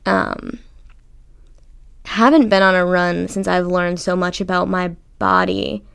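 Young woman, podcast host, casual chat, creaky, clear resonant voice, lively and swearing. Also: mid-range voice. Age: young adult. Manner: chatty and animated, swearing, acting out quotes.

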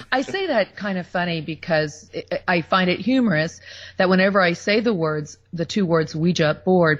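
A woman's voice: lowish voice, lo-fi sound. Chatty woman guest on radio. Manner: chatty, laughs often. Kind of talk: casual interview.

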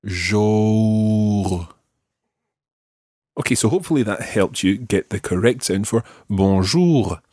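Scottish male tutor, husky low voice, patient, dry close sound. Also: lively intonation, a little mellow, dry recording. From Scotland. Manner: clear, patient, repeats words slowly for the learner. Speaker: language teacher. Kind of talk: podcast language lesson.

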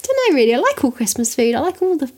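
A woman with a slightly high voice, talking loosely and giggling through a casual podcast chat at home. She rambles, and she drops into silly voices. Her tone is relaxed and warm. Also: fast. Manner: giggly, chatty, breaks into funny voices. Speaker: podcast co-host.

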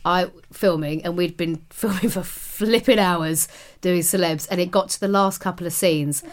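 A woman's voice: fairly low pitch, normal speed, slight background noise. A British woman co-hosting a podcast, chatty and rambling, with cheeky banter. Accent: British English. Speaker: podcast co-host. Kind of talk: casual chat.

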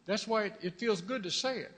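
A middle-aged male pastor delivers a fervent sermon in a high, brisk, slightly bright voice, repeating phrases and calling out hallelujahs. The sound carries the long reverb of a large hall.

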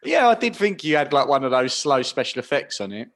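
A man's voice: mid-range voice, very animated, brisk, fairly bright tone. A man, co-hosting a podcast in casual, self-deprecating chat, saying "like" often. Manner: self-deprecating, says "like" a lot. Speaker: podcast co-host.

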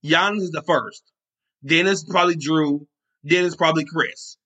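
A man on a sports podcast talks with open passion, piling on repeats and the odd curse word. His voice sits a bit high and comes across bright and forceful. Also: steady tone, normal speed. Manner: passionate, emphatic, swears and repeats himself. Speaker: podcast host. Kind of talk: excited sports talk.

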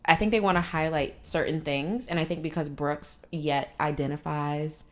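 Low-voiced young woman, blunt quips. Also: fairly even intonation, normal speed. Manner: blunt, agreeable, short quips. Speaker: podcast co-host. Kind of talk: casual chat.

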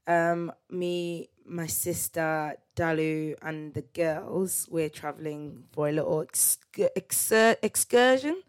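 A woman's voice: low-pitched, slow pace, hardly any pauses, clear, resonant tone. A young woman, chatting casually as the host of her own solo podcast. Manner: chatty, laughing, tag questions like "you get me?". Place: parents' house.

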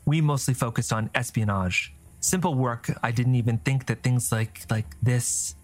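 A man voicing a nervous young male scout who speaks haltingly. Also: mid-range voice, faint music behind, close to an everyday voice.

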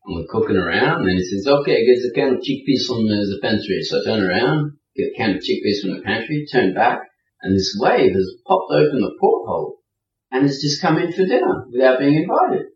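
An animated man spins a casual story, his pitch rising and falling freely. He sounds distant in a roomy space. The recording is a little dull. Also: fairly quick. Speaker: guest storyteller. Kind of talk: casual anecdote.

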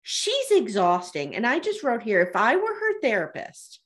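A woman's voice: a little high, huge pitch swings, moderate pace, a bit bright. A woman co-hosting a podcast, retelling reality TV scenes in casual chat and laughing often. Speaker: podcast co-host.

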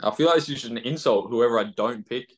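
A young man with an Australian accent, chatting loosely as a footballer guest on a podcast, laughing easily. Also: medium pitch. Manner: relaxed, laughing, halting with fillers. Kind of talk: casual podcast interview.

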